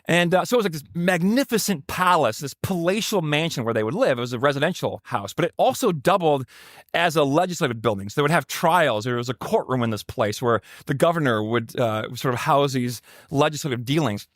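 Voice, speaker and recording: A man's voice: on the high side, lively intonation, fairly quick, no room sound, studio quality. A man, a pastor, preaching a sermon in a conversational way with joking asides to the congregation.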